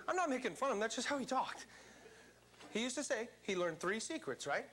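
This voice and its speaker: A man's voice: very high voice, sing-song, quick pace, fairly bright tone, a little hiss or hum. A man giving a motivational seminar talk to a live audience in a seminar room, speaking emphatically and quizzing the crowd.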